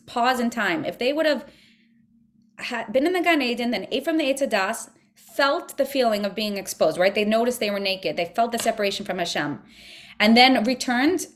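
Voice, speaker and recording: Earnest woman giving a spiritual talk. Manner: earnest, acts out pleading voices in higher pitch. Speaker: podcast host.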